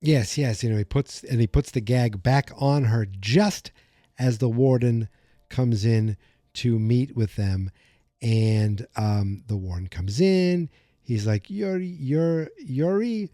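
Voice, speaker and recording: Recorded dry at studio quality on a desk mic, a male podcaster recaps an episode in a talkative, wandering style, fixing his own slips along the way. His voice is on the low side and dark-toned, and he speaks slowly.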